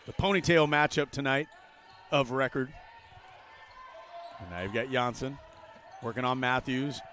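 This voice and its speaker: An older man doing live play-by-play for a college basketball game, jokey and excitable, with loud calls on big plays. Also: medium pitch, measured pace. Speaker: play-by-play commentator. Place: courtside broadcast booth in a gym.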